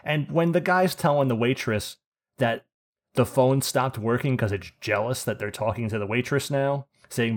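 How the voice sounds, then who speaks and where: A man co-hosting a podcast, telling a story in an animated, profane rant and laughing as he goes. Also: medium pitch, normal speed. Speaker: podcast co-host.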